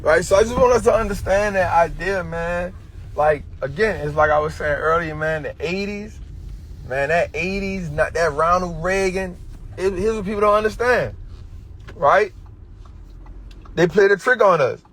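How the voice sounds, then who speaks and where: A man's voice: high voice, moderate pace, fairly bright tone, a little hiss or hum. A man with an Atlanta Black American English accent, giving a preachy finance talk on a livestream in street slang, repeating his points. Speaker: finance educator.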